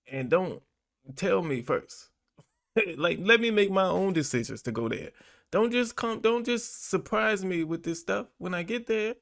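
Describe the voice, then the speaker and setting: A man's voice: sits high, expressive, unhurried, vocal fry, a bit bright. A man hosting, reacting to a guest's story with playful, joking commentary. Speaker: host. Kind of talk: casual chat.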